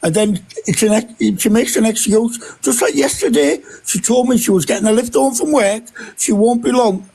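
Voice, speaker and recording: A man's voice: very high-pitched, normal speed, gravelly, few pauses, dark tone, slightly rough. A middle-aged man arguing defensively on a live stream, swearing and insisting he is telling the truth. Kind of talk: heated live-stream argument.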